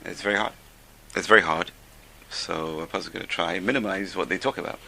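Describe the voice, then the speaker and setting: A man's voice: deep voice, fast talker, creaky, bright, forceful tone, slight background noise. An older man teaching an informal religious class, a chatty, joking storyteller.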